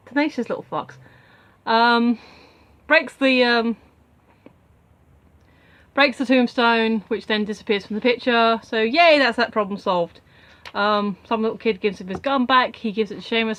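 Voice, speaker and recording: A woman's voice: fairly high pitch, moderate pace, fairly bright tone. Rambling woman recapping a film. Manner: rambling, with many fillers and asides. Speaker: film reviewer. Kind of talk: casual spoken film recap.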